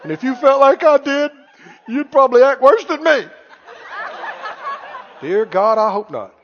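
A man's voice: very high-pitched, expressive, a little slow, long reverb tail, dull audio. A man preaching a sermon in a church, emphatic and calling out questions for the congregation to answer.

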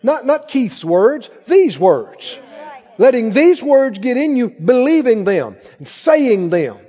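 Fervent high-pitched male preacher. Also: very animated, slow pace, mellow, breathy edge. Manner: fervent preaching with repeated declarations. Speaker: pastor. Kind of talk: sermon. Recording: dull sound in a reverberant hall.

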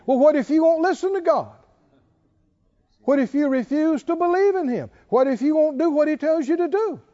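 A man's voice: very high voice, expressive, moderate pace, mellow, muffled recording. A man preaching a sermon, emphatic and driving his points home with repeated rhetorical questions.

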